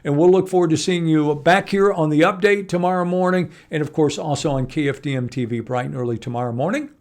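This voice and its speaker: A man's voice: on the high side, fast. Chatty man hosting a news update. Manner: chatty, animated, asides to viewers. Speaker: morning TV news host. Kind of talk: casual at-home news update.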